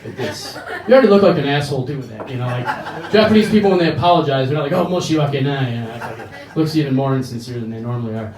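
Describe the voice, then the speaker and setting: A man's voice: mid-range voice, darkish tone. American male comic, crude rambling stand-up, echoey bar sound. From United States. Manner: crude, rambling storytelling with quick voice switches. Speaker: stand-up comedian. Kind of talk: stand-up set. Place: bar comedy stage. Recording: echoey bar, mic heard from a distance.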